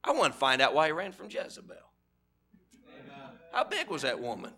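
A man's voice: on the high side, huge pitch swings, moderate pace, sharp tone. A man preaching a sermon in a church, telling folksy stories and building to fervent, repeated appeals. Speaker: guest preacher. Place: church sanctuary.

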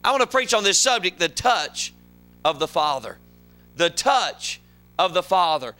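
A man preaching a sermon, with folksy storytelling that swings from loud exclamations to low asides. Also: sing-song, unhurried, faint music behind.

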